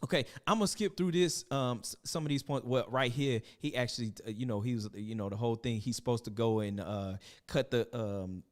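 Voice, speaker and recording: A man's voice: mid-range voice, fairly quick, hardly any pauses. A man, hosting a casual movie discussion and telling the story with laughs and stammers. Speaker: podcast host.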